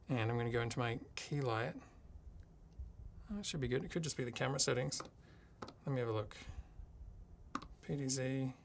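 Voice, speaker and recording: An Australian man hosts a live tech tutorial from his home streaming studio, talking casually and thinking aloud while he works his gear. He has a medium-pitched voice with a fairly bright tone.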